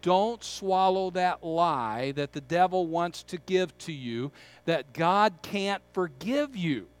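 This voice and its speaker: Male pastor, middle-aged, unhurried emphatic sermon delivery, high-pitched. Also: expressive, clear, resonant tone, dry recording. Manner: earnest preaching with emphatic repetitions.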